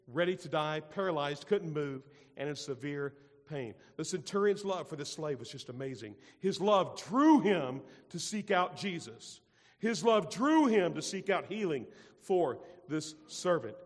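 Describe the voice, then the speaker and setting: A man preaching a sermon to his congregation, emphatic and repetitive, putting questions to the listeners. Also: fairly high pitch. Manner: emphatic, repeats phrases, asks the congregation questions. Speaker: pastor. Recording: long hall reverb.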